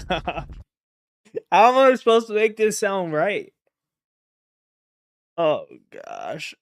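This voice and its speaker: A man's voice: high-pitched, huge pitch swings, takes it slowly, gravelly, pauses often, dry recording, clean studio sound. A man talking to himself as he edits and records sound for a short film, muttering and self-critical, with the odd swear. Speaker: amateur filmmaker. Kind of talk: talking to himself while editing.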